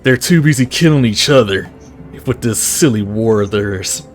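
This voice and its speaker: A man doing low scheming dragons. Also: moderate pace, soft background music, close to an everyday voice. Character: scheming male dragon council, cruel and patient.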